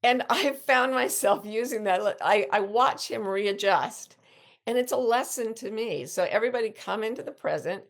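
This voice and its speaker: An older woman hosting a reflective casual talk, telling stories in an animated way and often restarting mid-sentence. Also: medium pitch, normal speed. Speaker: podcast host and life coach.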